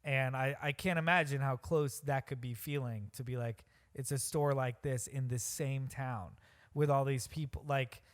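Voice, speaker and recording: A man's voice: mid-range voice, fairly even intonation, moderate pace. A man co-hosting a podcast, talking earnestly in a rambling casual way with restarts. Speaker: podcast co-host.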